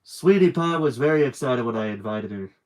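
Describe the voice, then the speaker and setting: Male reader, steady plain narration for a children's book, mid-range voice. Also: medium pitch, brisk. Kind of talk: live read-aloud of a children's book.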